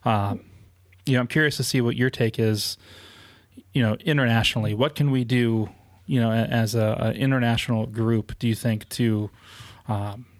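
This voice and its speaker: A man co-hosts a podcast and asks his questions in an easy, loose way. His voice sits in a middle pitch. The sound is dry and close, with no room echo. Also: normal speed. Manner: relaxed, loosely phrased questions. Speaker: podcast co-host. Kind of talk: casual podcast interview.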